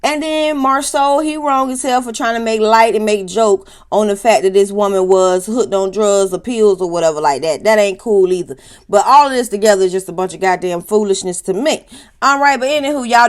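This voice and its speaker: A woman hosting a casual reality TV recap, telling it in a lively, profane way and acting out the quotes. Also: on the high side, a little fast. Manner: animated, profane, laughing storyteller acting out quotes.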